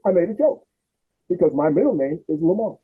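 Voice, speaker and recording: Over tinny, phone-like audio, a man in his sixties hosts a podcast and tells stories about his family. He speaks fairly quickly in a husky, high-pitched voice, animatedly imitating his relatives in casual chat.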